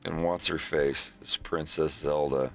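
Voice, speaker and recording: Low, slow-talking sarcastic man. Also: steady tone, soft background music. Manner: rambling, sarcastic, laughs often. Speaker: streamer. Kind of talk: casual stream chat.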